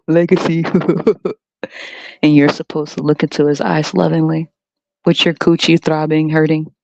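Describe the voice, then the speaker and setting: A woman's voice: sits low, fairly even intonation, unhurried, vocal fry, pauses often, darkish tone. A woman rants through a solo podcast monologue, crude and full of profanity, talking straight to her viewers and laughing often. The recording is dull and lo-fi, with a dry, close sound and no room echo. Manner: addresses viewers directly. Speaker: podcast host.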